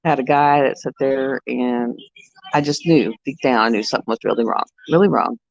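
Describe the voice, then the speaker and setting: A woman's voice: a bass voice, fairly quick, gravelly, no echo. A woman hosting a live stream, talking in a rambling, chatty way. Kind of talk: casual live-stream chat. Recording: dull, dry lo-fi sound.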